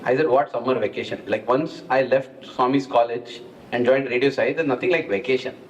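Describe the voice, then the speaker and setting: A man's voice: medium pitch, moderate pace, muffled recording. A man with an Indian English accent telling stories at a spiritual retreat and acting out each person's lines. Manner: animated, acts out dialogue in anecdotes. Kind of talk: storytelling talk. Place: hall at a retreat.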